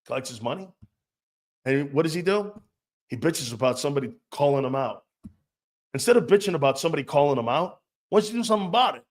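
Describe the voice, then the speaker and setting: A man's voice: on the high side, lively intonation, fast talker, pauses often. A man hosting a sports talk show, ranting in a blunt, profane, mocking way and laughing often. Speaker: host.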